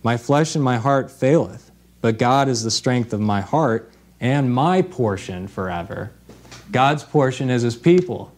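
A man's voice: fairly low pitch, a little mellow. A man preaching an informal sermon in a conversational way, with fillers and restarts.

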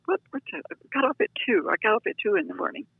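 An older woman telling a personal story in an interview, animated and acting out the voices of the people in it, on a dull lo-fi recording. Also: medium pitch, rapid-fire, vocal fry, breathy edge, no echo. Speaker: interview guest.

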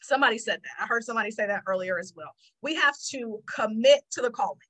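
Female Christian teacher, slightly high pitch, animated sermon delivery. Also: quick pace, poor audio. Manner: animated, acts out her own prayers and God's replies.

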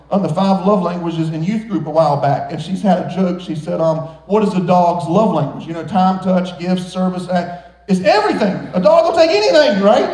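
In a large church sanctuary, a pastor with a high-sitting, darkish voice preaches an earnest, exhorting sermon, breaking in with playful jokes between exhortations. The sound is roomy and the recording rough.

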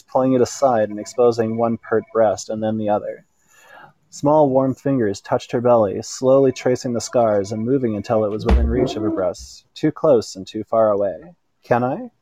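A man reading an erotic story aloud in an unhurried way, now and then stumbling and correcting himself. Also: medium pitch, dark tone, no echo. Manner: unhurried reading with small slips and self-corrections. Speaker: narrator.

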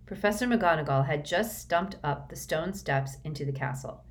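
Audiobook narrator, woman, deep for her sex, measured and steady. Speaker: audiobook reader. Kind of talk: storybook narration.

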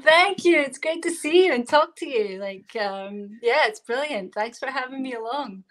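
A woman's voice: sits high, expressive, moderate pace, fairly bright tone. A woman with a Glaswegian Scottish accent, a guest actress and voice coach speaking eloquently over a video call, laughing often. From Scotland. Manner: eloquent, laughs often, frequent "like" and "you know". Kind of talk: casual video chat interview.

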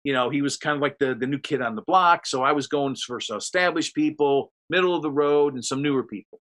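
A man spins a loose, rambling anecdote in casual conversation, voicing each person in the story as he goes. His voice is bright and ringing and sits a little high. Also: fairly quick. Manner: rambling, animated, acts out quotes. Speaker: storyteller guest.

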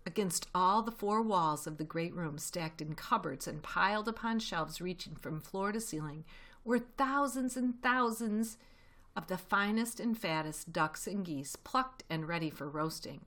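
A woman reading a children's novel aloud in a steady, expressive storytelling voice. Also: lowish voice, measured pace. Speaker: reader.

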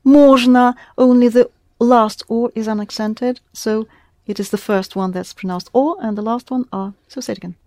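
A woman giving a one-to-one language lesson, patiently modelling words and repeating them slowly for her students. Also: on the high side, fairly even intonation, dark tone, dry recording, studio quality. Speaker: language teacher.

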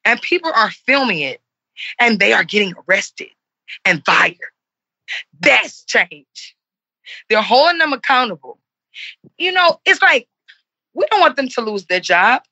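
A woman's voice: on the high side, very animated, measured pace, pauses often, bright, forceful tone, dry recording, highs cut off. A woman in her forties, speaking earnestly and with passion in an interview and repeating herself for emphasis. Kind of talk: heartfelt conversational interview.

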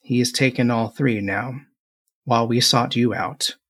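Solemn mother spirit played by the game master, slow and grave. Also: mid-range voice, steady tone, fairly bright tone, breathy edge. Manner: solemn, measured.

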